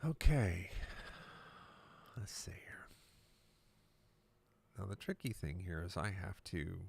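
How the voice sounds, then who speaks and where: Deep gravelly-voiced male musician chatting. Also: slow pace, slight background noise. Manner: relaxed, chatty, explanatory. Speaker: musician and producer hosting a live stream. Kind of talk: casual live-stream chat. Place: music recording studio.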